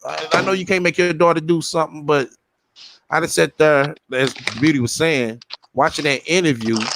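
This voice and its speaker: A man's voice: on the high side, fairly even intonation, moderate pace, background noise. Blunt, profane man ranting. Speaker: podcast host. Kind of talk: casual commentary chat.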